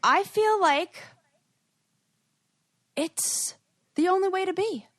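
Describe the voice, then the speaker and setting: A woman co-hosting a podcast in casual chat, excitable and loose, peppering her talk with "like" and casual swearing. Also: very high-pitched, slow pace, no echo. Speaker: podcast co-host.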